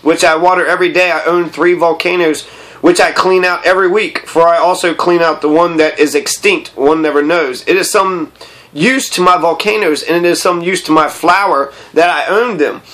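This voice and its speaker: A man's voice: on the high side, fairly even intonation, moderate pace, fairly bright tone, lightly acted, poor audio. A man reading aloud and voicing a curious, earnest boy prince who keeps asking questions. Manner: questioning, insistent.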